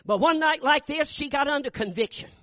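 An older man preaching a folksy sermon, acting out dialogue and rising to shouts. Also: extremely high pitch, brisk, dry recording. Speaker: Baptist preacher. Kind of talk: sermon storytelling with acted dialogue.

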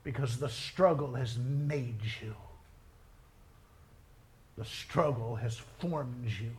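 A man preaching a sermon, moving between quiet storytelling and loud, drawn-out climaxes. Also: mid-range voice. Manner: dramatic, swings from quiet storytelling to shouted climaxes; slow, drawn-out emphasis on key words.

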